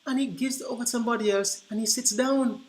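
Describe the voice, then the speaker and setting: A man presenting to early childhood teachers, telling classroom stories in an animated way and acting out the dialogue. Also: extremely high pitch, fast talker, a little hiss or hum. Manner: animated, acts out quoted dialogue. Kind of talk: storytelling presentation. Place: conference room. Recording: roomy echo.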